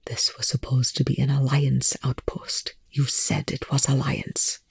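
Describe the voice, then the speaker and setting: A reader voicing a tense, sharp-tongued male scientist who speaks in a breathy, hollow whisper. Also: medium pitch, measured pace. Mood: shaken.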